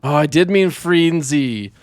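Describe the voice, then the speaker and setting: While playing a game on stream, a man with a fairly high, expressive voice rambles at a measured pace about words he pronounces oddly, chatting with viewers and teasing himself. There's no echo in the recording.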